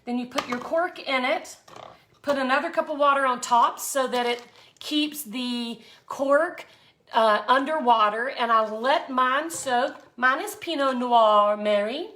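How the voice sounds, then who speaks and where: A woman's voice: high-pitched, a little slow, a bit bright. A middle-aged woman hosting a live craft tutorial, chatty and folksy, greeting viewers by name as she works. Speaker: art tutorial host.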